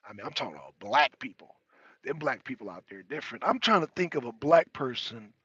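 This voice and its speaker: A man chatting loosely as a talk show panelist, animated and profane, often laughing and repeating words. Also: medium pitch, fairly quick, breathy edge, no room sound, muffled recording. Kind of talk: casual chat.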